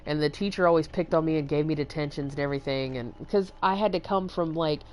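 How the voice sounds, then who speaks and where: A woman's voice: deep voice, fast talker, a little mellow, a little hiss or hum. A young woman from Texas hosting a livestream, telling long rambling stories with lots of fillers and swearing. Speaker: livestream host. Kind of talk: casual storytelling chat.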